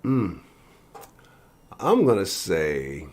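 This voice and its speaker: A man's voice: low voice, wildly swooping pitch, very slow, darkish tone. A man hosting his sports channel in a casual live-stream chat from his home office, profane and loose.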